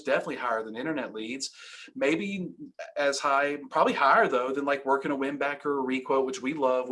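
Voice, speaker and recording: A man's voice: mid-range voice, fairly bright tone. A man hosting a live training webinar, coaching with energy and emphasis and acting out sales lines.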